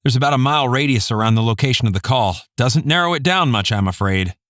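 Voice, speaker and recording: A male tech guy, quick and apologetic, voiced by an audiobook narrator. Higher than the narrator's own voice, brisk, dry and close to the mic. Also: expressive, a bit bright, dry recording, close to an everyday voice.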